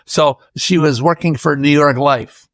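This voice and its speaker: A man's voice: fairly high pitch, measured pace, fairly bright tone, no room sound. An older man from Iowa, a podcast guest, chatting through a rambling personal story and acting out the voices of people he quotes.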